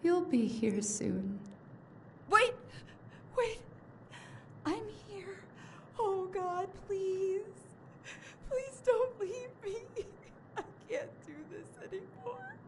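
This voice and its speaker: A frightened, trapped young woman in a horror game, begging for help in a very high, swooping voice. She speaks slowly and tearfully, drawn out and desperate. A faint hiss of noise sits under the game audio. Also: sing-song, full character voice. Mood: desperate pleading. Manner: pleading, tearful, with eerie whispered turns.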